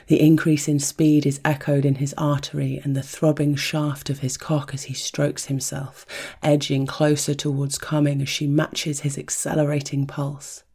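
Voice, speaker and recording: A narrator reading an intimate erotic story in a soft, hushed, rhythmic voice that often drops to a whisper. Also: medium pitch, completely flat delivery, normal speed, breathy edge.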